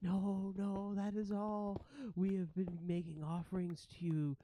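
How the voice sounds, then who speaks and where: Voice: medium pitch, little pitch movement, a little slow, dark tone, slight background noise, pitched above the performer's own voice, lightly acted. The game master voicing a timid female ratling creature who pleads and keeps tacking on "yes?". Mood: eager squeaky. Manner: pleading, repetitive, tacks on "yes?". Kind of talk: tabletop game character voice.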